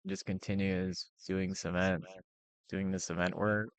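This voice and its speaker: Low-voiced man rambling through a story. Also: level tone, a little slow, no room sound. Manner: rambling, lots of fillers and restarts. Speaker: vlogger. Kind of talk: casual storytelling commentary.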